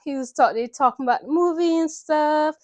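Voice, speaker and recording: A woman's voice: high-pitched, brisk, dry recording. A woman vlogger chatting through a casual movie recap in a slangy, rambling way. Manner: chatty, slangy, full of blah blah.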